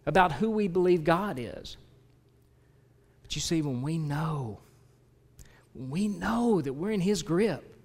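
A man preaching from the pulpit with an earnest, heartfelt delivery that drops low and confessional, then rises into loud emphasis. His voice sits a little higher than most men's. It rings with the long reverb of a church sanctuary. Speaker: pastor. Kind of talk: sermon.

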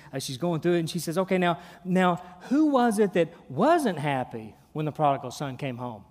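A middle-aged man preaching a sermon as a pastor, emphatic and animated, with stumbling repeats and rhetorical questions. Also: fairly high pitch, long reverb tail.

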